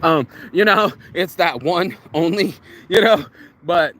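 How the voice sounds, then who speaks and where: A man vlogging a casual, rambling monologue, reflective and often profane as he thinks out loud. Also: fairly high pitch, takes it slowly, a little hiss or hum.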